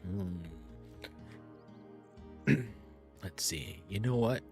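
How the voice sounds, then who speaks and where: A man's voice: lowish voice, expressive, drawn-out words, creaky, darkish tone. A man streaming a game, musing aloud in a rambling way and correcting himself as he goes. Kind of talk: casual gameplay streaming. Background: faint game music.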